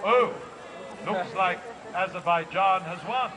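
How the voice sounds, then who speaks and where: Slow and high-voiced, an Australian man provides humorous live commentary at an outdoor festival, using the PA to pun and whip up the audience. The crowd cheers loudly amid plenty of outdoor noise.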